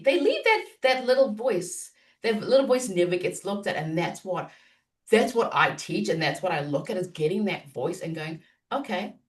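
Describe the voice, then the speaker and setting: A woman business coach talking in a podcast interview, animated and acting out inner self-talk. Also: medium pitch, recorded from a distance.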